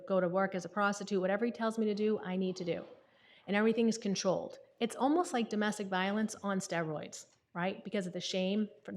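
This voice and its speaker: A woman, speaking candidly at a conference and often checking in with the audience. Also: medium pitch. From New England. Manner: candid, conversational, often asks "right?". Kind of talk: personal testimony talk.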